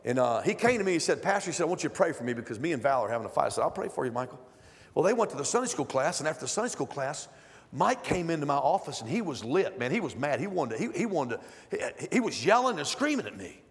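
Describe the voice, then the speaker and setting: Middle-aged guy preaching in a church, pretty high voice, chatty storytelling that builds up loud, long echo off the walls. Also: sing-song, fast talker. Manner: conversational, storytelling, rising to loud emphatic preaching. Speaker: guest preacher. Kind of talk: sermon. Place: church sanctuary. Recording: long hall reverb.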